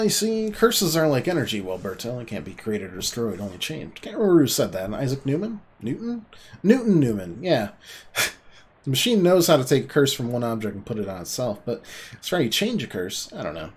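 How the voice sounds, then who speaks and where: A man's voice: mid-range voice, very animated, fairly quick, breathy edge. A man streaming a video game, reading its dialogue aloud in playful mock-archaic voices. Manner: playful, theatrical, jokey. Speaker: let's play streamer.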